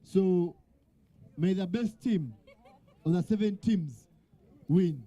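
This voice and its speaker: A man hosts a quiz night, calling out to the teams and teasing them. His voice sits high and sounds mellow and dark in tone. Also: slow. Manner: calls out to the crowd and jokes with teams. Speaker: event host. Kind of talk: hosting a live quiz night. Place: event venue with a crowd.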